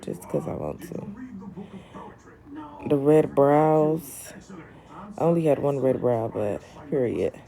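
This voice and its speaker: A woman's voice: deep voice, vocal fry, mellow. A young woman hosting a casual livestream from home, chatting with viewers in a sassy way and calling them honey and queen. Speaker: livestream host. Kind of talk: casual livestream chat reading comments.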